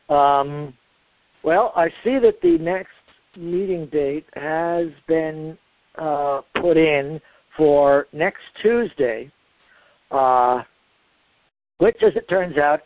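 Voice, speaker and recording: A man's voice: fairly high pitch, no room sound. Man chairing meeting over phone line. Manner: relaxed, many fillers, drawn-out pauses. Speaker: committee chair. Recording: dry phone-line audio.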